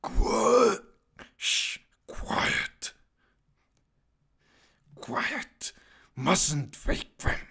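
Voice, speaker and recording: A man's voice: high voice, vocal fry, sharp tone, slightly rough, pitched above the performer's own voice, exaggerated voice. A man voicing a hissing, paranoid creature with a whispery, possessive manner.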